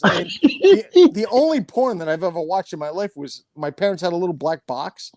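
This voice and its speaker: A man's voice: high-pitched, animated, normal speed, a crowd in the background. Swearing man telling a rambling story. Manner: rambling, swears often, restarts. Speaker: storyteller guest. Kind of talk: casual profane anecdote.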